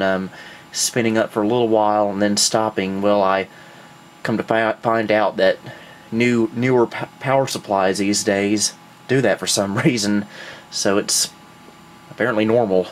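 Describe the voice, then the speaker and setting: A man's voice: on the low side, a little hiss or hum. A man narrating his computer build in a casual home video, chatty and self-mocking, somewhat out of breath.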